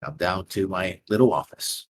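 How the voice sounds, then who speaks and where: A man voicing a smug, scheming male moneylender who talks with calm, drawn-out menace in a tabletop game. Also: low voice, slight background noise, close to an everyday voice. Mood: mocking.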